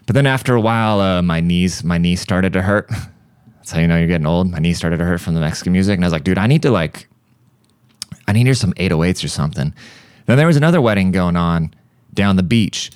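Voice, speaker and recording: Deep-voiced man telling profane stories. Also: lively intonation, fast talker, a little mellow, clean tone, dry recording, clean studio sound. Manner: profane, rambling, breaks into mouth-made beat sounds. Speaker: podcast host. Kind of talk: casual comedic storytelling. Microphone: studio podcast mic.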